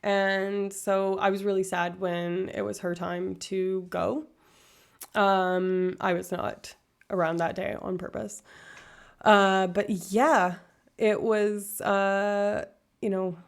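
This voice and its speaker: Gravelly woman streamer rambling. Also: mid-range voice. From far north Alberta, Canada. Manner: rambling, tangent-prone, self-deprecating. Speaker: livestreamer. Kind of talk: casual chat reading viewer comments.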